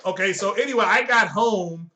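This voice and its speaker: A man's voice: high-pitched, normal speed, bright, forceful tone. A middle-aged man hosting a live stream, ranting in a blunt, profane and joking way and chuckling often. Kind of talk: casual live-stream rant.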